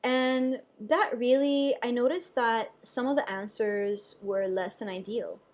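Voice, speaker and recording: A young adult woman, a nurse, telling a personal story to camera in a chatty, animated way with lots of fillers. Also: a little high, measured pace.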